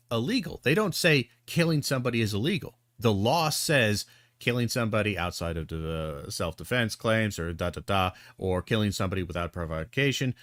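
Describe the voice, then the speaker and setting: A man's voice: mid-range voice, a bit bright, dry recording, clean studio sound. A man giving sarcastic, profane reaction commentary as a video reviewer, sounding exasperated.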